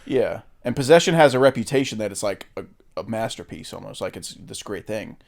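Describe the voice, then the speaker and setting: A man's voice: fairly low pitch, lively intonation, a little fast, vocal fry. A man co-hosting a podcast, chatting casually and with strong opinions, swearing now and then and using lots of fillers. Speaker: podcast co-host. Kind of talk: casual film chat.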